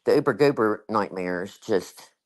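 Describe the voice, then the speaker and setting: A man's voice: on the low side, unhurried. A man, rambling in casual chat as a guest, with lots of fillers and laughter.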